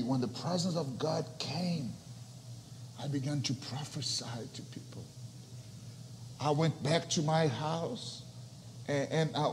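A man's voice: on the high side, slight background noise. Emotional man preaching in an echoing hall. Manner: emotional preaching that swings from soft, near-whispered lines to loud, soaring passages. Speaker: pastor. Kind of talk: sermon. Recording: long reverb of a large hall with faint ambience.

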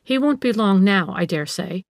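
A woman's voice: medium pitch, animated, normal speed, dry recording, natural voice. A woman voicing a wary aunt in a storybook reading, asking dry, questioning remarks. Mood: suspicious.

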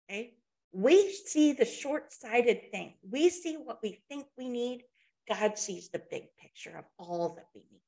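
A woman's voice: fairly high pitch, lively intonation, unhurried, vocal fry, a little mellow. A woman presenting a motivational webinar, talking conversationally and checking in with her listeners as she tells a story.

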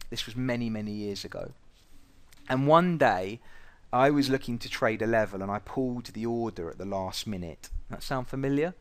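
A man teaching traders in a blunt, profane way, telling stories from his own trading. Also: medium pitch. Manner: blunt and profane, lively storytelling. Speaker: trading educator. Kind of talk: recorded trading lesson with anecdotes.

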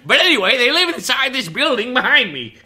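A man's voice: very high-pitched, sing-song, fairly quick, bright, forceful tone, heavily acted. A man voicing a rambling, silly old male vagrant for a game character, laughing through his lines. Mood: goofy. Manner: giggly, breaks into laughter mid-line. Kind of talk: mock-dubbing a game character.

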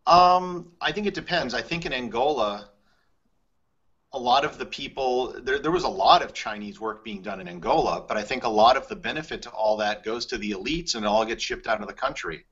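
A man's voice: medium pitch, brisk, fairly bright tone, slightly rough. A man hosting a travel podcast in casual conversation, thinking aloud with plenty of fillers as he goes. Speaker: podcast host. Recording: slightly muffled audio.

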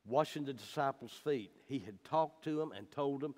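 A man's voice: mid-range voice, normal speed, darkish tone. A man teaching the Bible in a folksy, emphatic way, with personal stories.

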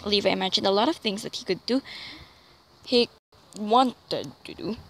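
A woman's voice: mid-range voice, expressive, normal speed, vocal fry, rough recording. A young woman casually reading fanfiction aloud, stumbling over words and adding amused asides. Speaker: fanfiction reader.

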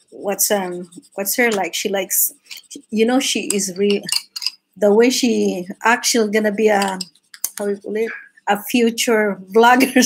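A woman's voice: medium pitch, a little hiss or hum, low-quality recording. A woman hosting a live drawing stream, chatting casually with viewers, laughing often and restarting her sentences.

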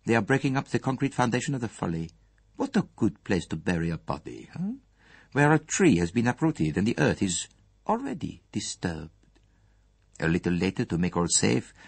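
A shrewd, fastidious elderly detective, voiced by a male audiobook reader, laying out his case with calm, relentless care. The voice is husky and lively in its rises and falls. It is recorded close and dry. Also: lowish voice, no room sound, exaggerated voice. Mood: probing. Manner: measured, gently relentless. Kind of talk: audiobook character reading.

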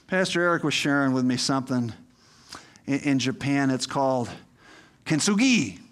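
A man's voice: medium pitch, expressive, normal speed, a bit bright. A male pastor preaching a sermon in a conversational, emphatic way that builds to rousing appeals.

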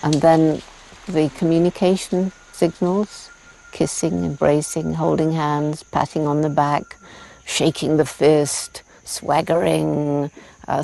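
Low gravelly woman in her seventies. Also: mellow, low-quality recording. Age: 70s. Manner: laughs often while telling stories. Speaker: interviewee, primatologist. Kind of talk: casual interview answers. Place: outdoors in a forest.

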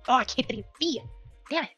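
A woman's voice: high voice, lively intonation, fast talker, pushed and bright, husky. A woman streaming a video game, talking to herself in casual commentary and startling easily. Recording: dull lo-fi mic with faint music.

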